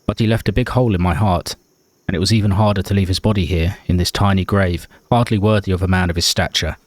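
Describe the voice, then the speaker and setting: A man's voice: deep voice, fairly even intonation, fast, no room sound, close to an everyday voice. A man reading as a grieving survivor. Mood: solemn. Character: grieving male survivor writing a grave note.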